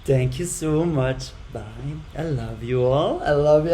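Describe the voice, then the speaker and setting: A man talking to camera in an emotional, effusive monologue, repeating himself, blowing kisses and swinging from loud frustration to hushed thanks. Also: on the high side, unhurried. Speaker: vlogger talking to an AI chatbot.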